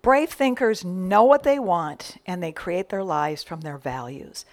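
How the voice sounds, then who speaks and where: A woman minister giving a sermon, telling stories lively with whispered asides. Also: on the low side, unhurried, few pauses.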